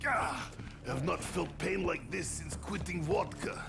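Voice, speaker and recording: An actor playing a gruff, hard-drinking male soldier in a video game, gravelly and clipped in his broken grammar. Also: fairly high pitch, unhurried. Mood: pained. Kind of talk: video game character voice lines. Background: game music.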